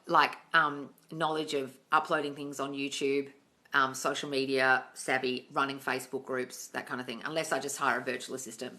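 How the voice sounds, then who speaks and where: A woman's voice: sits low, bright, forceful tone. A young woman hosting a casual live Q&A on manifesting. She reads viewer comments aloud and answers them frankly, with swearing, and calls everyone darling.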